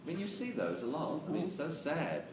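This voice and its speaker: A man giving a lively, jokey lecture on dog training to a live audience, acting out quotes as he goes. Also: fairly high pitch, fairly quick. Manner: animated, jokey, acts out quotes. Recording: roomy, distant camera mic with hiss.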